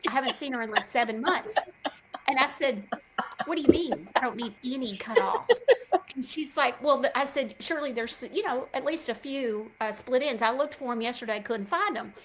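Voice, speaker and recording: A middle-aged woman hosts a show, speaking high-pitched and brisk over a noisy background. She tells her listeners a chatty story directly, in a casual way.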